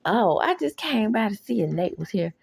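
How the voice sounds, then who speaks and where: A woman hosts a casual, sassy recap of a TV episode, reacting as she goes, laughing often and acting out the characters' lines. Her mid-range voice is sing-song and slightly rough, with vocal fry, at normal speed. The clean studio sound has no echo.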